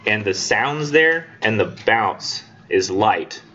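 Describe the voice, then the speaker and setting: A man's voice: on the low side, expressive, slow, pushed and bright. A man lecturing his college English class in a loose, joking, rambling way, slipping into voices for his students. The sound is dull and lo-fi, with a faint hum of the room behind him.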